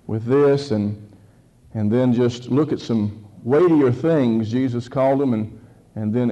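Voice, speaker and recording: A man's voice: medium pitch, warm tone, lo-fi sound. A pastor preaching an earnest, conversational sermon with prayer and scripture reading, often repeating words as he thinks.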